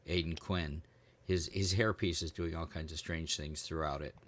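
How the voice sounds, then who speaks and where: A man's voice: very deep voice, steady tone, normal speed. A middle-aged American man co-hosting a podcast, rambling and joking in casual chat, trailing off with ums as he hunts for words. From United States. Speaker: podcast co-host.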